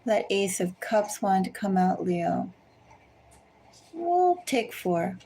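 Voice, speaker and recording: A woman giving a collective tarot reading, speaking slowly and deliberately and repeatedly addressing the listener by star sign. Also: mid-range voice, big pitch swings, dark tone, husky, rough recording. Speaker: tarot reader.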